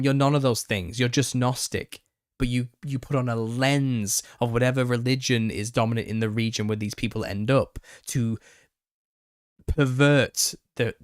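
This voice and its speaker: A man hosting a live Q&A stream, opinionated and quick to get worked up, laughing as he rants. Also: medium pitch, no echo, studio quality. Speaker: channel host. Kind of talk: live Q&A monologue.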